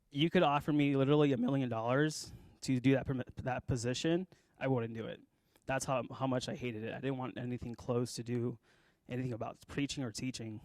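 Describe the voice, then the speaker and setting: Emotional young man giving a halting testimony. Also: mid-range voice, a little mellow, no room sound. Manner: halting, many fillers, choked up, apologetic. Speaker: church speaker, drummer. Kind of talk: emotional personal testimony and sermon.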